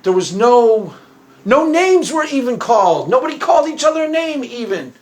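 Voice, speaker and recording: High-voiced joking male commentator. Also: sing-song, normal speed, a little mellow. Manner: joking, rambling, repeats phrases. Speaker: YouTube commentator. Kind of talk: casual commentary.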